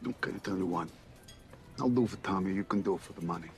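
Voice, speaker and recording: A brash, swaggering debt collector. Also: male voice, deep voice, fast. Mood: persuasive. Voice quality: swaggering, theatrical, swearing. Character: brash male debt collector, pushy and theatrical. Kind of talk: film drama dialogue.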